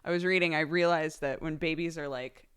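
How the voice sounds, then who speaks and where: A chatty woman streaming live, with a slightly low voice. She talks casually and giggles often between her words. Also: fairly even intonation, fairly quick, fairly bright tone, clear, resonant tone. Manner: reads out subscriber thank-yous.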